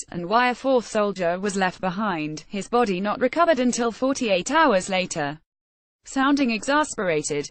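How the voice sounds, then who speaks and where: A woman reading a news article aloud in an even, steady way. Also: medium pitch, no room sound. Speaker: news reader.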